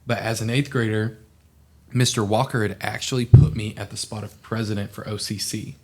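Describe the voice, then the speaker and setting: With a fairly low pitch and a brisk pace, this young adult podcast guest from Oklahoma tells stories casually. He brings them to life by acting out the people in them.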